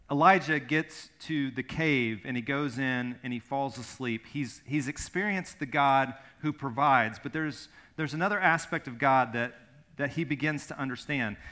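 A man's voice: mid-range voice, pushed and bright. A middle-aged man preaching a sermon as pastor, telling a story earnestly and emphatically, often repeating his words.

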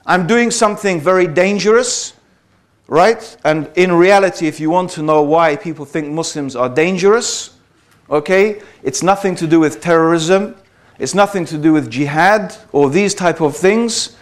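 High-voiced man giving a talk. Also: normal speed. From Britain. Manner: conversational, keeps checking in with "okay?" and "right?". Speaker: speaker addressing an audience. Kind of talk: public talk.

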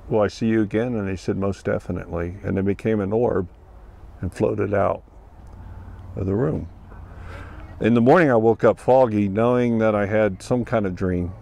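With a fairly low, creaky, darkish voice, a man from Ohio earnestly tells of something that happened to him at a festival, acting out the conversation plainly. There's a slight hiss or hum in the audio.

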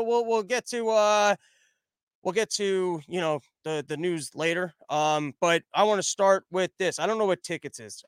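High-pitched and clear with a resonant tone, a young podcast host spins a rambling comedic tale on a dry recording. He's animated throughout and performs the voices of the characters he quotes.

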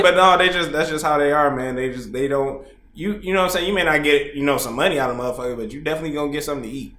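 A man's voice: fairly high pitch, rapid-fire, reverberant, noisy background. A man hosting a casual chat, loose and profane, laughing often as he talks. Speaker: podcast host.

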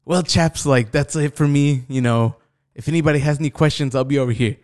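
A man's voice: a little high, fairly quick, a little mellow, lightly acted. Man voicing a lofty fake-British VR avatar, preachy and pompous. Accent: put-on British.

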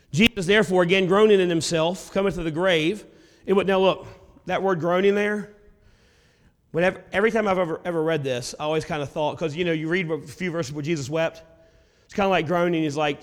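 A man's voice: sits high, normal speed. A male preacher reading old-style scripture aloud and explaining it in casual asides. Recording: long hall reverb.

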